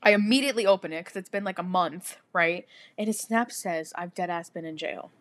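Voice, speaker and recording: A young woman chatting on a podcast with friends. She tells her story in a crude, lively way, swearing freely and building it up for laughs. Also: on the low side, fairly quick. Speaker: podcast co-host. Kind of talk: casual chat.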